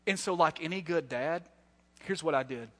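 A man in his thirties, a guest preacher delivering a sermon with animated storytelling and self-deprecating humor. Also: a little high, normal speed. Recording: echoey hall.

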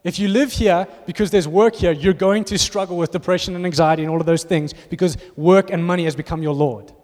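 A fairly high-voiced man, preaching to his congregation. He speaks with passion and rises into emphatic bursts. His voice rings out with long reverb through a large church hall. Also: steady tone, fairly quick, darkish tone. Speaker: pastor. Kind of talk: sermon. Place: church auditorium.

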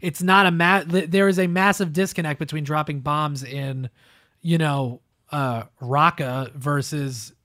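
A man with a fairly high voice argues his point in a casual, animated way, breaking into little quoted asides as he goes. He is recorded close and dry, with no room sound around him. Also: unhurried, no room sound. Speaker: podcast co-host. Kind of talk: casual political chat.

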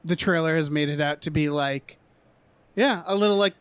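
A man with a fairly high voice co-hosts a podcast, speaking at a moderate pace in a clean, dry recording. He chats casually about movie trailers, rambling along with frequent restarts and fillers.

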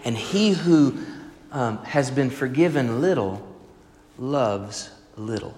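A man preaching, voicing a calm, wise male teacher who tells a parable in a quiet, measured way. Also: mid-range voice, voice pushed down. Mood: gentle. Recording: echoey hall with long reverb.

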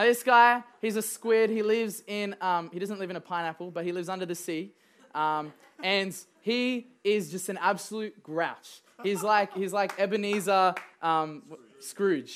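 A young man delivers a sermon as if chatting with friends. His storytelling is loose and conversational, full of fillers and quick laughs. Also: high voice, a bit bright. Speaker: preacher.

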